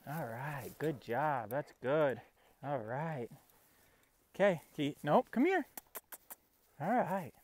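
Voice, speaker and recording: A man's voice: medium pitch, expressive, takes it slowly, darkish tone, slight background noise. A man training his puppy outdoors, coaxing the dog and explaining each step in a casual vlog. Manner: coaxing and talking to his dog, narrating between commands. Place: outdoors in a field.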